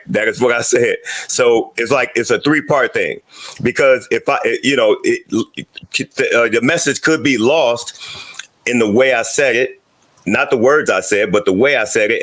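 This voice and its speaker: A man's voice: lowish voice, fairly bright tone. A man in a casual group discussion, explaining with restarts and little laughs. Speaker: guest.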